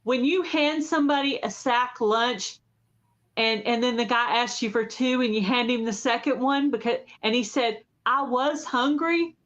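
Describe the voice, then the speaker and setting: Woman, casual talk, emphatic and heartfelt, slightly high voice, dull muffled recording. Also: normal speed. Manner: emphatic, heartfelt, repeats her point. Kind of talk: casual conversation.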